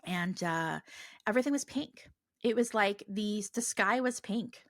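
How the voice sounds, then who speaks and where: A woman's voice: medium pitch, a little slow, dry recording, studio quality. A woman in her thirties hosting a casual podcast Q&A, talking earnestly and rambling with many fillers and restarts. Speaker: podcast host. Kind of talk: casual listener Q&A.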